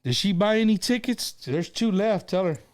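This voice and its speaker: A man's voice: sits high, animated, moderate pace, a little mellow. A middle-aged man hosting a casual live stream, chatting and telling stories in an easygoing way, with plenty of "you know" and "man".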